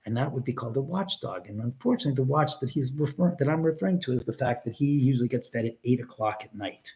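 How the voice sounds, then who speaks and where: A man's voice: mid-range voice, lively intonation, fast talker, warm tone. A middle-aged man hosting a casual livestream from his home, rambling to his viewers and swearing when riled. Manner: rambling, talks to chat and his dog, swears when angry. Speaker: livestream host. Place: indoors at home.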